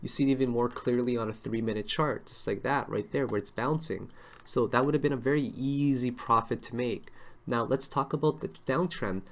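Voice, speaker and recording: In a mid-range, steady voice and at a fairly quick clip, a man who analyzes crypto trading walks live-stream viewers through charts. The lesson is casual and chatty, and he keeps checking in with "right?" and "okay?".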